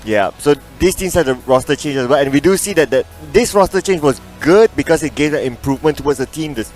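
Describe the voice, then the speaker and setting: Easygoing male caster, lively voice. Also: a little high, fast talker, soft background music. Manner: easygoing, good-humored, teasing. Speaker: esports caster. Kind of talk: casual esports commentary.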